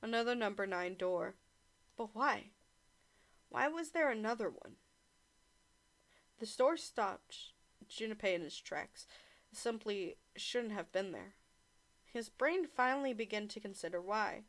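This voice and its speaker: Bright-voiced young woman narrating slowly. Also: mid-range voice, animated. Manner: swears, laughs, breaks off to joke. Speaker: streamer narrating a visual novel. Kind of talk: casual read-along narration.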